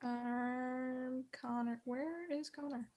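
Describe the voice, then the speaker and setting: Brisk, soft-spoken woman co-hosting trivia. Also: high voice, fairly even intonation. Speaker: co-host. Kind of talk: casual online trivia hosting.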